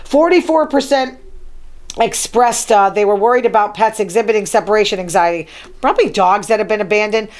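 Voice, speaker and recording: A woman's voice: mid-range voice, a little fast. A woman hosting her own talk show, reading news items from her notes and adding chatty, wry asides. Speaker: show host. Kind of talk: casual solo talk show monologue.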